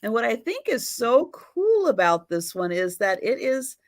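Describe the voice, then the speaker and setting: A woman's voice: fairly high pitch, big pitch swings. A woman hosting a livestream sale of antique photos, describing each item thoughtfully. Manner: slow, thoughtful, describing items. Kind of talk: casual livestream chat.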